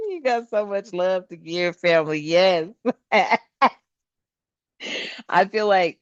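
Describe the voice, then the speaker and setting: Low-voiced woman giving a chatty card reading. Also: slow pace, long pauses, clear, resonant tone, no echo, dull audio. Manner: chatty, emphatic, laughs often, slangy and expressive. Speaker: tarot card reader. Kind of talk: casual spiritual card reading.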